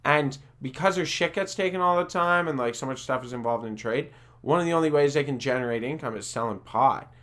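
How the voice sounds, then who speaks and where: A man's voice: medium pitch, fairly quick. A young man co-hosting a podcast, trading crude jokes in casual banter and laughing often. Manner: crude, joking, laughs often, loud bursts. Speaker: podcast co-host.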